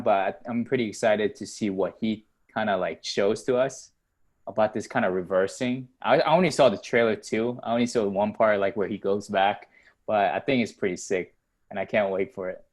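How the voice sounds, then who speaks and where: A young man in casual chat during a movie game, excitable and apologetic, laughing often. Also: lowish voice. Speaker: film crew member.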